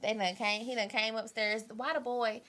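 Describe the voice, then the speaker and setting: A young woman guest telling a story in a casual, animated way. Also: on the high side, moderate pace. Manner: animated, laughing, acts out quotes. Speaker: podcast guest, pole and yoga instructor. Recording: faint background noise.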